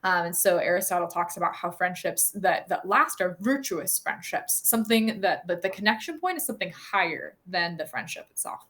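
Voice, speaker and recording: Earnest thirtysomething woman guest on a podcast, lots of ums, thinking out loud. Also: on the low side, animated, normal speed, few pauses. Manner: earnest, thoughtful, frequent fillers and restarts. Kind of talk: conversational interview.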